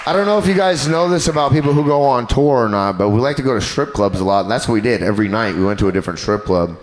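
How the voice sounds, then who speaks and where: A man doing a stand-up comedy set on a club stage, animated and crude in his delivery. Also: mid-range voice, fast. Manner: animated, crude, jumps into character voices.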